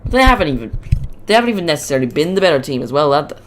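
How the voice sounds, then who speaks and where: A man commentating live on a football match as a streamer, chatty and rambling, getting loud on big moments, with his voice cracking. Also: on the high side, racing, a little hiss or hum. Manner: chatty, rambling, excitable on goals. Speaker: watch-along streamer.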